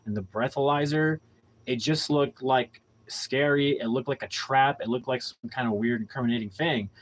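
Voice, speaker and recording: A man's voice: mid-range voice, normal speed, low-quality recording. Man telling a story, candid and rambling. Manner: candid storytelling with heavy profanity; rambling with frequent restarts and fillers. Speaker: podcast host. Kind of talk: casual monologue.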